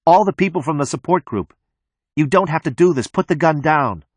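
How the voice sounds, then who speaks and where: A man's voice: a little high, expressive, brisk, no echo, clean studio sound, voice pushed up. A man raising his voice for a pleading young woman. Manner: pleading, shouting.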